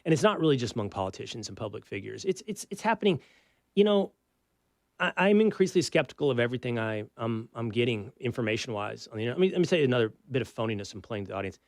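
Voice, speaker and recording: A man's voice: medium pitch, sing-song, very fast, no echo. A man with a Texas twang runs an opinionated talk radio monologue, pressing his points with rhetorical questions. His voice sits in a middle register and sounds close and dry in the studio. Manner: emphatic, conversational, rhetorical questions. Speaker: radio talk show host.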